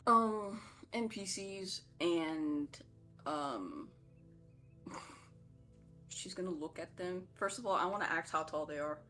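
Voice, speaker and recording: A woman's voice: fairly low pitch, slow, long pauses, pushed and bright, soft background music, rough recording. A woman player describing her character's actions in a tabletop game, hesitant and full of fillers.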